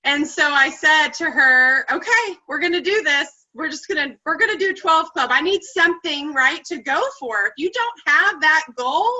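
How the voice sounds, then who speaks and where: A woman's voice: sits high, expressive, moderate pace, few pauses, sharp tone. A woman on a video call, sharing her business success with her team in an upbeat, earnest way. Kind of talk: motivational call talk. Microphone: computer mic on video call. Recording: muffled video call audio.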